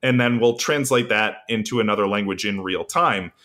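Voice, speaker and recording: A man's voice: lowish voice, normal speed, bright, forceful tone. A man co-hosting a casual podcast, rambling with lots of fillers as he explains basic Japanese. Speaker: podcast co-host.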